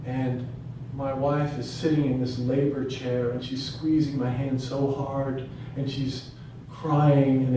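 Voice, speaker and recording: A middle-aged man doing storytelling stand-up at an open mic, acting out the people in his story with big jumps in his voice. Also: a little hiss or hum. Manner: animated, acts out voices with big pitch jumps. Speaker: stand-up comedian. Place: room at a live open mic. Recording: echoey, from far off the mic.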